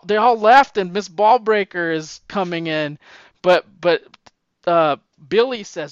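A man casually retelling a movie plot, animated and acting out the characters' lines in raised voices. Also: sits high, unhurried, smooth, no room sound, highs cut off.

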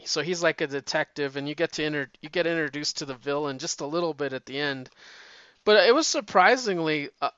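A man's voice: fairly high pitch, a little fast, a bit bright, clean tone, dry recording. A man chatting casually and rambling about comics, swearing freely and restarting sentences, on a dull lo-fi recording. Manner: rambling, profane, frequent restarts. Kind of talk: casual chat.

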